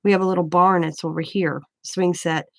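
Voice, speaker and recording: A woman's voice: lowish voice, fairly even intonation, a little fast, creaky, no echo. An older woman, a grandmother, telling a rambling story in casual chat, with many restarts. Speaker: craft vlogger.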